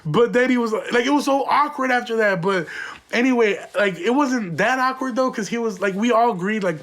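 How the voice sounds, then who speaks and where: A man's voice: extremely high pitch, a little fast, fairly bright tone. A young man hosting a podcast, telling a profane, rambling story in a casual way and laughing often. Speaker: podcast host.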